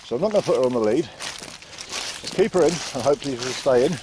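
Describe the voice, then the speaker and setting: Calm man walking dogs outdoors. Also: mid-range voice, fast talker, pauses often, slight background noise, low-quality recording. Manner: calm, repetitive, calls out to the dog. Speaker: dog trainer. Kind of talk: casual walking commentary. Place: outdoors in fields.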